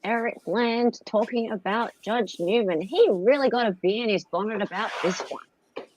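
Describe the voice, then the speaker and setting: A woman's voice: fairly high pitch, moderate pace, a little mellow. A woman from Australia hosting a casual live legal-commentary stream, talking with many fillers and restarts.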